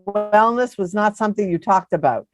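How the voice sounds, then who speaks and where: A woman's voice: mid-range voice, lively intonation, moderate pace, soft background music. A woman in her seventies, a podcast guest, telling stories in a chatty way and laughing often. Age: 70s. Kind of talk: casual interview chat.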